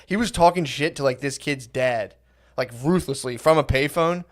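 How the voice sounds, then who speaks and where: A man's voice: a little high, normal speed. A man telling rowdy school stories in casual podcast chat, laughing often and swearing freely. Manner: storytelling, laughing, profane.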